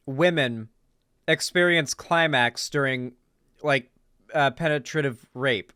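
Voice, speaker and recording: A young man streaming his reactions, talking off the cuff and circling back through likes and ums. His voice is smooth and clear, recorded dry and close with no room sound at all. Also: fairly high pitch, unhurried, pushed and bright, no room sound. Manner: rambling, many fillers and restarts. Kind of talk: casual live commentary.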